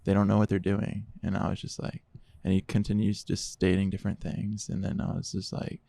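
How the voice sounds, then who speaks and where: Man, low and gravelly, casual podcast guest acting out the dialogue as he tells his story. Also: a little fast, no room sound. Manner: animated storyteller, quotes others in dialogue.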